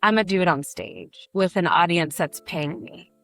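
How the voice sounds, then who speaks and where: A middle-aged woman from Brazil, a burlesque performer, telling candid, animated stories in an interview and acting out the people she quotes. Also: lowish voice, moderate pace, no room sound, soft background music. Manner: animated, emotional storytelling with acted quotes.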